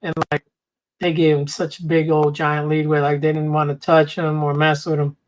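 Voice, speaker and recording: A man chatting casually on an open panel with a voice pitched a little high. He rambles from one story to the next and drops quick asides as he goes. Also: completely flat delivery, rough recording. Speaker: panel guest. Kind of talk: casual chat.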